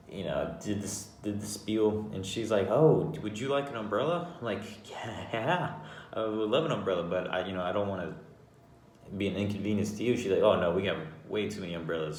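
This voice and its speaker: A man with a low, deep voice tells a personal story casually and with lots of swearing. He often stops and restarts his sentences. The voice bounces around an echoey room, with a faint hiss underneath. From Arizona, United States. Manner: profane, animated, with frequent restarts.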